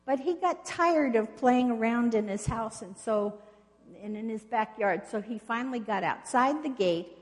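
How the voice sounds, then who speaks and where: A woman preaching a sermon in an earnest storytelling way, asking the congregation questions. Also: on the high side. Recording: long reverb of a hall.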